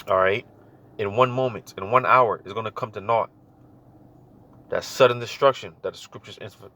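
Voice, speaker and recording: A man's voice: mid-range voice, fairly bright tone. A man giving casual, slangy religious commentary, repeating his warnings with a chuckle now and then. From United States. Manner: slangy, repetitive, preachy, chuckling.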